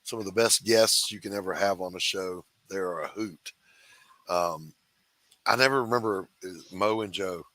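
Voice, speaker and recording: A man from the South Carolina Low Country, hosting a casual, jokey, rambling podcast chat. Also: moderate pace, bright, forceful tone, no room sound. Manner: jokey, rambling, laughs easily. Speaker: podcast host.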